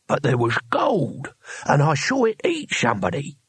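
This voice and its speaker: A man voicing a gruff, wiry old male barbarian, speaking in a slow, drawn-out way. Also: high voice, wildly swooping pitch, no echo, pitched above the performer's own voice, heavily acted. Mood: furious.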